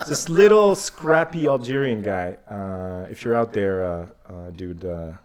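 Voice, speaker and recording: A man telling a story in casual chat, animated, swearing a lot and acting out the people in it. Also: fairly low pitch, measured pace. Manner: animated, swears a lot, acts out the voices in his stories. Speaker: podcast guest.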